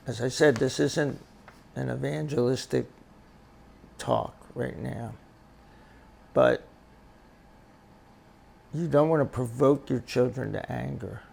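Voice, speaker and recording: An older man and grandfather giving life advice in a casual, reflective monologue, talking haltingly and often repeating his words. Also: medium pitch, vocal fry, darkish tone.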